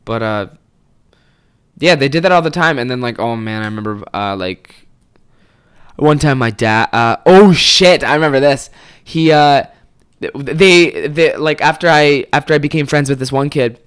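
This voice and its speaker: A man's voice: mid-range voice, moderate pace, fairly bright tone, smooth. A man in his twenties telling rambling anecdotes on a podcast, swearing freely and full of fillers. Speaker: podcast host. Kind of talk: casual storytelling.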